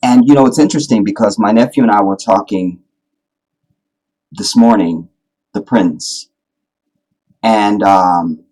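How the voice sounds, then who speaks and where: Low husky guy rambling on his live stream, joking around, pretty animated. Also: unhurried, long pauses, rough recording. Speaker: livestream host. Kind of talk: casual livestream monologue.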